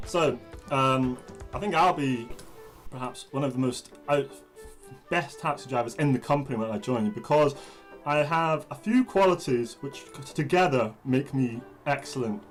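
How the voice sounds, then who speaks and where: A man rambling through a comic self-pitch in a party game, with lots of restarts. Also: normal speed, faint music behind. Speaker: player. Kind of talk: casual game chat.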